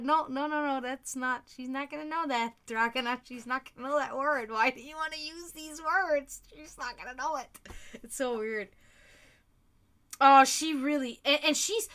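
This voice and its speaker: A woman from Germany hosts her own stream and chats loosely, trailing off and restarting her sentences as she goes. Her voice sits a little high and has a forceful, bright edge. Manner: chatty and rambling, with frequent restarts. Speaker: livestream host. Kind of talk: casual chat.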